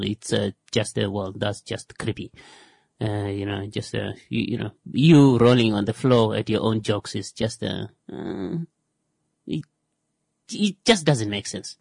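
A woman's voice: a bass voice, darkish tone, breathy edge, dry recording. A woman talking in a rambling, casual monologue, full of fillers, who acts out little quoted exchanges.

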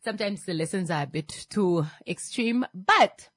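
Animated woman radio host. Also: on the low side, moderate pace, no echo. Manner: animated, teasing, preachy, laughs often. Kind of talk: radio talk show monologue. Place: radio studio.

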